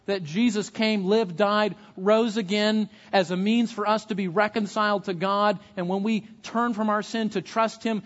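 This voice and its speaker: Earnest high-voiced preacher in a reverberant hall. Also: male voice, lo-fi sound. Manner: earnest, repeats words when starting sentences. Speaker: pastor. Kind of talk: sermon.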